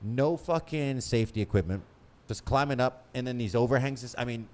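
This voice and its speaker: A man's voice: mid-range voice, fairly quick. A man co-hosting a podcast, swearing constantly and joking crudely in loose casual banter. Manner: swearing, animated, jokey, trails off and restarts. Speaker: podcast co-host.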